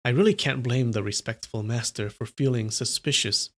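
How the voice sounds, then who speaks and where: A man's voice: medium pitch, normal speed, lightly acted. A man voicing a humble, earnest young swordsman who pleads with his master, as he reads a story aloud.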